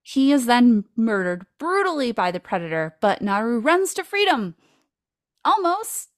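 Lively woman recapping a film. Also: a little high, moderate pace, dry recording, studio quality. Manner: playful, jokey recap with frequent laughs. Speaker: podcast host.

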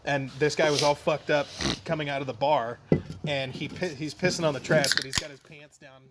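A man's voice: on the high side, steady tone, brisk, very noisy. A man co-hosting a podcast in casual chat, explaining eagerly and repeating words as he goes. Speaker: podcast co-host.

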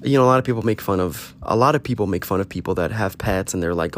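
Earnest man pleading softly over faint guitar. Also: fairly low pitch, quick pace. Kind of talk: personal heartfelt monologue. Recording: faint guitar music behind.

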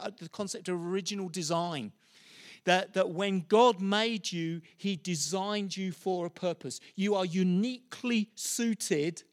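A middle-aged man delivers a sermon in a notably high voice. He tells stories as he goes, often stumbling back over his own words before pressing on. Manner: storytelling, with many restarts and repeated words. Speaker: preacher.

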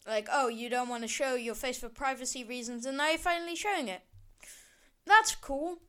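On her solo podcast, a teenage host rants casually, rambling and sarcastic, with swearing and backtracking along the way. She speaks in a high, fairly bright voice at a moderate pace.

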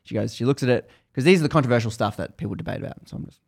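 A man's voice: mid-range voice, racing, vocal fry. A man casually retelling a story to a co-host, chatty and full of fillers.

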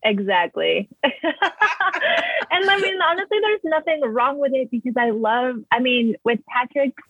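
A woman's voice: high-pitched, expressive, a little slow, slightly rough, no room sound. A woman poet chatting casually, rambling with lots of "like" and "um". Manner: rambling, many fillers like "like" and "um". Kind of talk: casual conversation. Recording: tinny phone line, dry.

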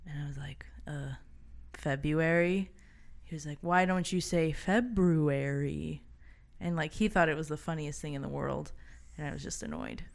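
A woman's voice: low voice, fairly even intonation, quick pace, creaky. A woman from Chicago, a podcast co-host, telling stories in casual chat with lots of "like" and frequent laughs. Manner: chatty storyteller, laughs often, many "like" fillers.

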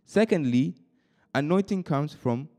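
A young man delivers a sermon to young people at a measured pace. Quiet, intimate stretches give way to high, eager bursts, with plenty of repeated words and restarted sentences.

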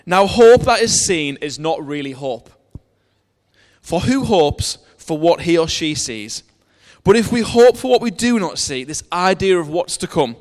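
A man's voice: fairly high pitch, in a large hall. A man preaching a sermon in earnest, telling a personal story and reading verses aloud, with frequent restarts.

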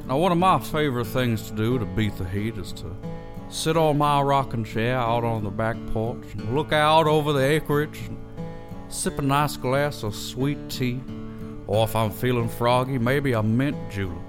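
Male performer as a genteel Southern gentleman host: Southern US accent, slow and flowery comic monologue, mid-pitched voice over faint music. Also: natural voice. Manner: courtly, flowery and unhurried.

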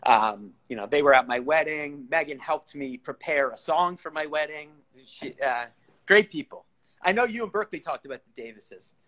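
A man's voice: on the high side, expressive, normal speed, fairly bright tone. A man, a stage actor and podcast guest, chatting casually, laughing often and restarting his sentences. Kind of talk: casual chat.

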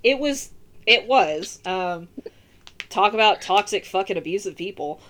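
A woman's voice: mid-range voice, unhurried. A woman hosting a podcast, ranting casually and swearing freely as she gives her opinions. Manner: profane, animated ranting. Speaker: podcast host.

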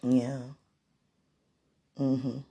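A woman in a casual, rambling monologue, playful and laughing often, swinging from loud bursts to soft murmurs. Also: a bass voice, level tone, drawn-out words, breathy edge.

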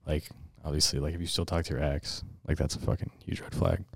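A young man with a very low, deep voice co-hosts a podcast, rambling along with plenty of "like"s. The sound is dry and close. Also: flat delivery, fast, creaky, slightly rough, dry recording. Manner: rambling, lots of fillers like "like". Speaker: podcast co-host. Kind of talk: casual chat.

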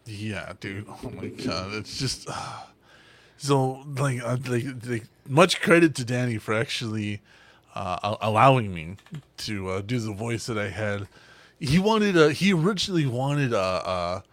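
A man co-hosting a casual podcast, talking in an animated way, often swearing and laughing. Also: fairly low pitch, a little slow, no echo. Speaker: podcast co-host, voice actor. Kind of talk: casual chat.

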